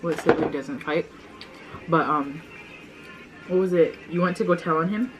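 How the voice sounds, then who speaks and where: A young woman, a vlogger and the older sister, swaps childhood stories with her sister in a deep voice at a moderate pace. She's chatty, leans heavily on "like," and laughs often. Faint music plays behind the rough recording.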